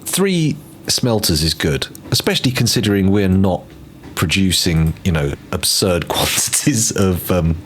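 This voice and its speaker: A man's voice: deep voice, lively intonation, a little slow, a little hiss or hum. A man streaming a game in casual commentary, rambling and joking to himself as he plans, speaking into a desk microphone. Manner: rambling, playful, mutters to himself while planning.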